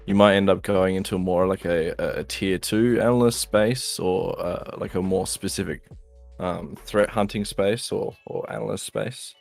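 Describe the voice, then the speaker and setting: A man with a low, gravelly voice and lots of fry, chatting casually as a guest. He talks haltingly and leans on fillers as he feels his way through each point. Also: fairly even intonation, soft background music. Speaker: guest in a live voice chat. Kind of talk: casual chat.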